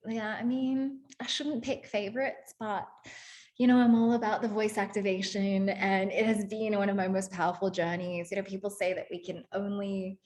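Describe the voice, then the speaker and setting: A woman guides a spiritual workshop in a soft, affirming manner, sprinkling her talk with casual fillers. Her pitch sits in an ordinary middle range. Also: level tone, normal speed. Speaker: workshop facilitator.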